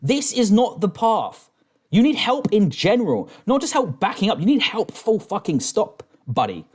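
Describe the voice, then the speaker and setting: A man's voice: sits high, sing-song, moderate pace, husky. A man streaming a reaction who rants angrily, swears constantly and talks in rambling restarts while drinking. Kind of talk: profane reaction rant.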